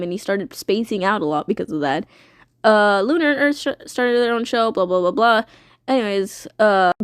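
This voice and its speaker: A woman's voice: medium pitch, clear, resonant tone, dry recording, studio quality. A woman streamer casually retelling a story, rambling and swearing with lots of fillers.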